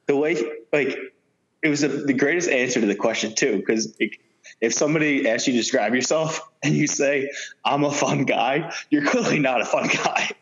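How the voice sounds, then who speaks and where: A man co-hosting a casual sports podcast, relaxed and talkative, laughing often between many fillers. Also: medium pitch, brisk. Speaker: podcast co-host. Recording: dull lo-fi sound.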